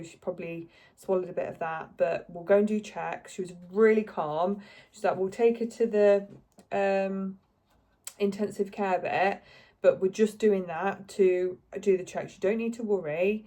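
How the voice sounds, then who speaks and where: Chatty young woman, low-pitched. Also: mellow. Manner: chatty, lots of likes and ums, emotional. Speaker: vlogger. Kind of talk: casual storytelling to camera.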